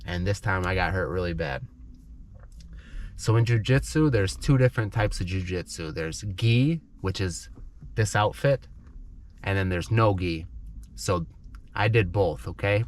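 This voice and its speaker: A man with a congested, stuffy nose from a cold, telling a personal story slowly and clearly as an English lesson, often checking in with "okay?". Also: deep voice, slight background noise. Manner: slow, clear, explains vocabulary, checks in with "okay?". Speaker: English teacher, channel host.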